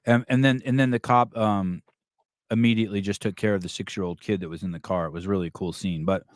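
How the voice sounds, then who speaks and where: A podcast host with a voice on the low side talks fast in a steady tone, in a studio-quality recording with no echo. He chats casually, telling a long story with lots of restarts and fillers.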